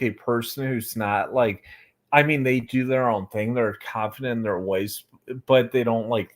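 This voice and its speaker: A young American man, a livestream interview guest, talking hesitantly and rambling with many fillers and restarts. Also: medium pitch. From United States. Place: Florida.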